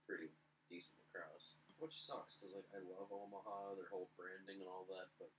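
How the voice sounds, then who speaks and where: A man's voice: low-pitched, fairly even intonation, normal speed, a bit bright, a little hiss or hum, poor audio. A young man from Minnesota, co-hosting a podcast with a dry, teasing manner. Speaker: podcast co-host. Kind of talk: casual chat.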